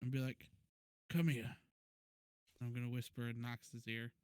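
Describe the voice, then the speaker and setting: A man playing a tabletop game, quick and questioning. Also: medium pitch, monotone, a little mellow, clear, resonant tone, dry recording, studio quality. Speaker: player. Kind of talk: tabletop role-play.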